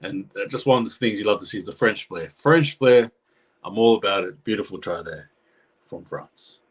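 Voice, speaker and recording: Excitable man calling a match live. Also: lowish voice, normal speed, husky. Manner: chatty, excitable, talks to viewers. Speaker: live reaction host. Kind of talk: live match reaction commentary.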